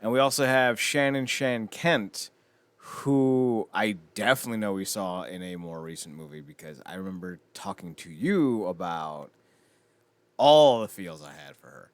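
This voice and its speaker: A man's voice: on the low side, expressive, normal speed, dry recording. Joking male podcast host, dry close mic. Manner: jokey, laughs often, acts out characters in quotes. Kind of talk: casual comedic movie review chat.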